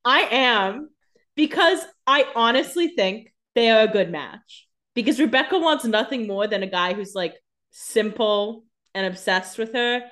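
A woman's voice: on the high side, expressive, unhurried, a bit bright. A woman co-hosting a casual podcast, adding wry, joking asides about a TV episode. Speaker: podcast co-host. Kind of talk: casual chat.

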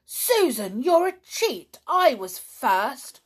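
A woman's voice: mid-range voice, big pitch swings, measured pace, pitched above the performer's own voice. A woman voicing a little boy who cheats at games, sounding cross and sulky. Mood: angry. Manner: indignant, near tears.

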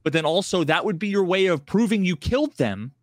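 A man co-hosting a gaming podcast, talking in a relaxed, rambling way and often restarting his sentences. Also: sits high, a little fast, no echo, clean studio sound. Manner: relaxed, rambling, trails off mid-thought. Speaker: podcast co-host. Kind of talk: casual gaming chat.

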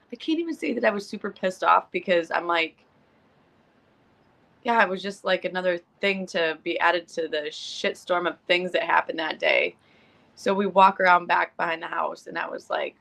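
A middle-aged woman with a gravelly, bright edge tells a story in relaxed podcast chat. She is animated and swears freely, acting out the quoted lines as she goes. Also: on the low side, normal speed. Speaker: podcast co-host.

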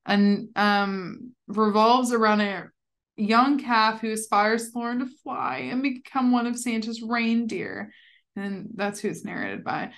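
A woman's voice: fairly high pitch, measured pace, a bit bright. A young woman co-hosting a podcast, cracking jokes and teasing in casual chat. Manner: joking, teasing banter. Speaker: podcast co-host.

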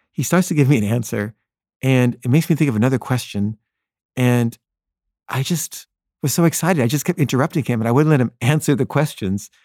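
A filmmaker recounting a personal anecdote in an earnest way, often stumbling into restarts mid-sentence. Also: male voice, mid-range voice, darkish tone, no room sound, studio quality. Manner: earnest, with frequent stammered restarts.

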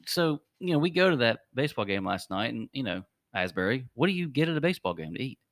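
A man's voice: medium pitch, very animated, fast talker, a bit bright, no echo, clean studio sound. A middle-aged man co-hosting a sports talk show, telling stories and teasing his friends with a laugh. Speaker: podcast co-host. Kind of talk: casual sports chat.

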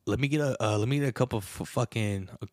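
A young man casually telling a long story on a podcast, animated and profane, calling everyone bro. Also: mid-range voice, fast talker, no echo, clean studio sound. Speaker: podcast co-host.

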